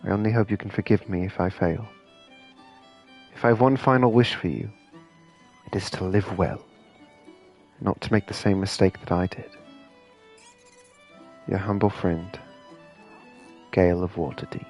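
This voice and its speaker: An earnest wizard read by a man writing a farewell, delivered in a low, halting read. The words come out slow and sincere, tripping now and then, with faint music behind. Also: fairly even intonation, a little mellow. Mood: solemn. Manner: stumbling, halting reading.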